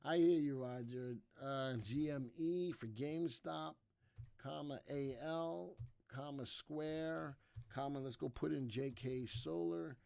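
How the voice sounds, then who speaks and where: A hoarse man hosting a live stock-market show, talking upbeat to viewers while he clicks through charts. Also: on the high side, takes it slowly, a little mellow. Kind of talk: live webinar commentary.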